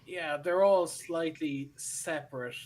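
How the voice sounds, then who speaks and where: A man's voice: fairly high pitch, slow pace, darkish tone, slight background noise. A man co-hosting a casual podcast review on a remote call. He talks with eager, stammering restarts. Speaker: podcast co-host. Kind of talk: casual chat, reviewing a TV episode.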